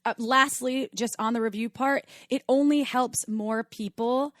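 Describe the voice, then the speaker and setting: A woman co-hosting a podcast in casual chat, playful and animated. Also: fairly high pitch, measured pace, dry recording, clean studio sound. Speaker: podcast co-host.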